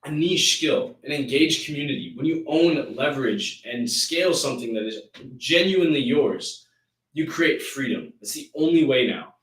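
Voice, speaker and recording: A man's voice: mid-range voice, fairly bright tone, echoey room, recorded from a distance, poor audio. A man hosting a live stream, giving an intense, preachy motivational rant that rambles with restarts.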